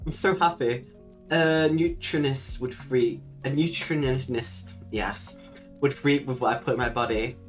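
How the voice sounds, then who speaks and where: A woman's voice: very deep voice, unhurried, soft background music. A woman hosting a casual livestream, chatting freely, laughing often and swearing casually. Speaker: livestream host.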